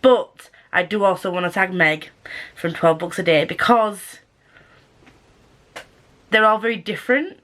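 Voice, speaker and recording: A woman with a soft Scottish accent chatting casually in a sit-down vlog, giggly and self-deprecating. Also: fairly low pitch, unhurried, long pauses. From Scotland. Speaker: booktuber.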